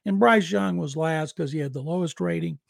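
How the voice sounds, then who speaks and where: A man's voice: on the high side, brisk, gravelly, no echo. An older man co-hosting a sports podcast, giving dry, matter-of-fact takes on football. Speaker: football writer and co-host.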